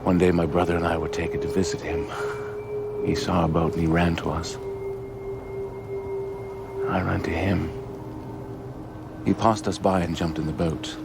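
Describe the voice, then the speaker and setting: An actor playing a grave young royal who recalls his boyhood, speaking slowly and somberly in a period drama clip. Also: sits low, flat delivery, creaky. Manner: slow, somber and measured. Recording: drama clip under loud music. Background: loud dramatic score.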